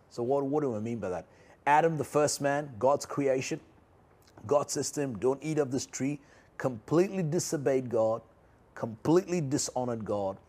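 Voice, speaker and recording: A man with a slightly husky voice delivers a sermon. He speaks earnestly and pleadingly, returning to the same phrases for emphasis. He often sinks into a soft, low delivery before lifting again. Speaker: preacher.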